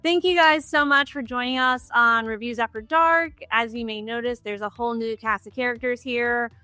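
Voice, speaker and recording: Bright-voiced woman hosting a video chat. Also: on the high side, fairly even intonation, moderate pace, clean tone, no echo, faint music behind. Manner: chatty, upbeat, frequent "like" fillers. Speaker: host. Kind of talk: casual video-call interview.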